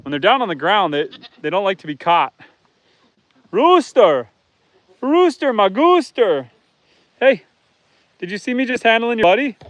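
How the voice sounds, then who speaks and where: A man with a high-pitched, expressive, fairly bright voice talks a little fast, with no echo. He's hosting a casual livestream outdoors on his farm, chatting with viewers and speaking to his pigs, goats and chickens.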